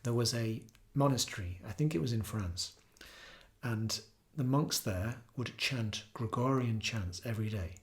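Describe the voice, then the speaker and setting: A man speaks in an earnest, unhurried way, sharing reflections and stories like a yoga teacher addressing students. His voice sits at an ordinary, middle pitch. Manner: earnest, storytelling, breaks into soft singing. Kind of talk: reflective spoken talk.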